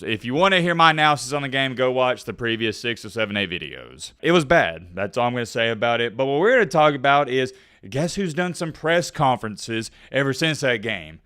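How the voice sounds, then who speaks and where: A man's voice: mid-range voice, lively intonation, fairly quick, sharp tone, clear, resonant tone. A man ranting sarcastically and directly to viewers in sports commentary. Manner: heated, sarcastic, talks straight to viewers.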